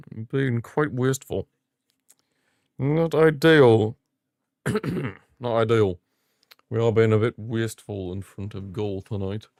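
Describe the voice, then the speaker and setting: A young man hosting a live football watchalong, giving excitable fan commentary and ranting at the referee. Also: lowish voice, dry recording, studio quality. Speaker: watchalong host.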